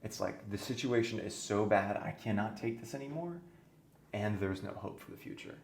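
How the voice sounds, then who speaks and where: A man's voice: on the low side, normal speed, vocal fry, a little mellow. A man guest on a podcast, telling his own story earnestly and intensely, his voice sometimes sinking to a near-whisper. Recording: echoey room with faint noise.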